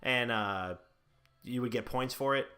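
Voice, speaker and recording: A young man chats loosely on a gaming podcast, circling his point with fillers and laughing often. His voice has a bright, forward edge. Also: medium pitch, measured pace. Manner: rambling, laughs often, uses filler words. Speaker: podcast host. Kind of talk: casual podcast banter.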